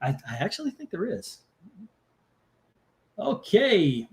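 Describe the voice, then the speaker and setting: A rather high-pitched man running a live comic auction. He rambles between bids, swears casually and laughs through his stories. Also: huge pitch swings, takes it slowly. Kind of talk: casual live-stream chat.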